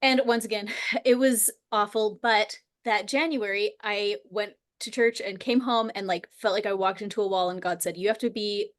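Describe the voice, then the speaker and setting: A woman's voice: medium pitch, steady tone, moderate pace. A woman in her thirties or forties hosting a casual chat, telling a personal story earnestly and rambling, full of "like.". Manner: earnest, rambling, heavy use of "like". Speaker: host.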